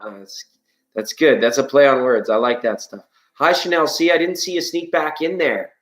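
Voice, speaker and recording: A man's voice: mid-range voice, normal speed. A chatty man hosts a late-night tarot stream, greeting viewers one by one in a loose, playful way. His mid-range voice bounces off the walls of an echoey room. Now and then he slips into singing a scale. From Canada. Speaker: live-stream tarot host. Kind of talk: casual live-stream chat reading viewer comments.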